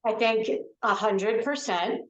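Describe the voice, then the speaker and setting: A woman's voice: fairly high pitch, steady tone, takes it slowly, a bit bright. Emphatic woman author in an echoey room. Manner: emphatic, repeats key phrases. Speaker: author and confidence speaker. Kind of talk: podcast interview.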